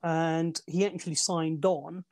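A man's voice: fairly high pitch, steady tone, measured pace, a little mellow. A man co-hosting a casual movie review chat, rambling through film trivia with restarts and fillers. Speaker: movie podcast co-host.

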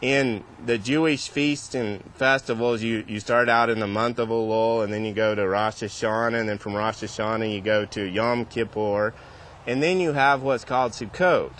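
A man's voice: lowish voice, moderate pace, a bit bright, slight background noise. A male pastor giving a sermon in a church, retelling scripture in a casual, conversational way.

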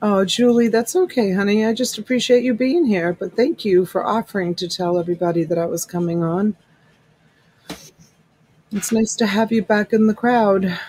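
A woman's voice: mid-range voice, fairly even intonation, moderate pace, darkish tone, husky, no room sound, poor audio. Chatty middle-aged woman, dry close sound. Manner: chatty, greets viewers by name with endearments. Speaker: live-stream reseller host. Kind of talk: casual live-stream chat. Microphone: USB desk mic.

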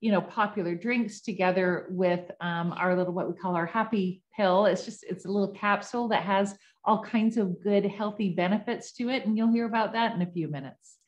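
A woman's voice: medium pitch, normal speed, few pauses, lo-fi sound. A woman co-hosting a sales talk on a video call, chatty and friendly with plenty of asides. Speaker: co-host presenter.

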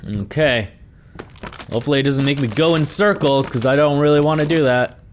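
A young man giving jokey, animated commentary while playing a horror video game, often swearing as he reacts. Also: medium pitch, a little fast, slight background noise. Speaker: gaming YouTuber. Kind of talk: let's play commentary.

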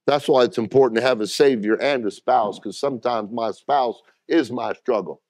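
A man's voice: lowish voice, moderate pace, no room sound, clean studio sound. A middle-aged man preaching a sermon as pastor, talking plainly and directly to the congregation and calling for responses.

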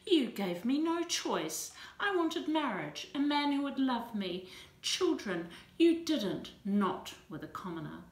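A woman reading as a distraught young heroine, hurt and fierce, whose pleading climbs into sharp high cries. Her lines are slow and drawn out, and the room has a noticeable echo. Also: animated. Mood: bitter, hurt. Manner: pleading, rising to near-shrill outbursts. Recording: roomy echo.

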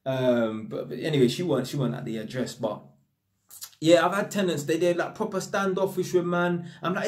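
Young North London man, street slang, fairly high voice, lively casual vlog delivery. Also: brisk. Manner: slangy street talk, animated storytelling. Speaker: vlogger. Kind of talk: casual monologue to camera.

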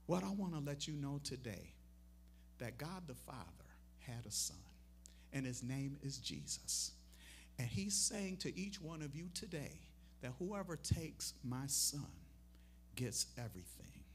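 A man preaching a memorial sermon. He tells a parable, acts out what people say, and swells into loud, emphatic appeals. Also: medium pitch, animated, a little slow, a little hiss or hum.

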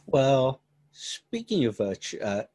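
A man hosting a podcast interview, asking halting questions full of fillers. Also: mid-range voice, very animated, dark tone. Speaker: podcast host. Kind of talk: casual interview.

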